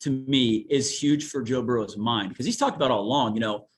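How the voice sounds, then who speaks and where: A man from Newark, Ohio, with a Central Ohio accent, a TV sportscaster talking as a guest in an animated, folksy way. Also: medium pitch, brisk. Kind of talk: casual sports interview.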